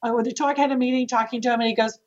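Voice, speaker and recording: A woman tells stories in an animated, casual way, laughing and restarting her sentences. She works as a real estate agent and speaks as a podcast guest. The recording sounds dull and somewhat lo-fi. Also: fairly high pitch, racing. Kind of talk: casual storytelling interview.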